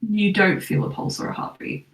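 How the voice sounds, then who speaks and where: A woman running a tabletop game, narrating scenes and calling rolls in a measured, descriptive way. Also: mid-range voice. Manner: descriptive, measured narration with quick rules talk. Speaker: game master. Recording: echoey room, voice from far off.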